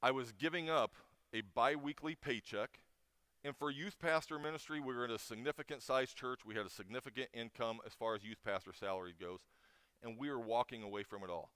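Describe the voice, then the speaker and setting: A middle-aged man speaks at a chapel gathering in an easy, conversational way, more like a family talk than a sermon. His storytelling is emotional and full of little restarts. The sound is dry and close, with an average pitch for a man. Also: brisk, sharp tone, clear, resonant tone, no echo.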